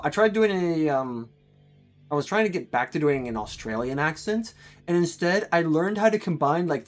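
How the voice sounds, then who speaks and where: A speaker from the United States, rambling in casual chat while streaming a game and laughing often. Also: mid-range voice.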